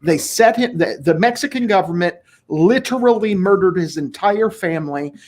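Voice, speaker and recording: A man hosting a casual podcast discussion, talking in a blunt, profane and animated way. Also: high-pitched, normal speed. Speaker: podcast host.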